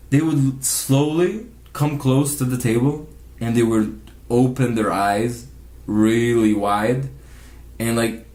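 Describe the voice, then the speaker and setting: A man's voice: medium pitch, reverberant. A man telling a rambling, profane story in casual vlog narration, laughing often. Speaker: vlogger narrating over a speed painting.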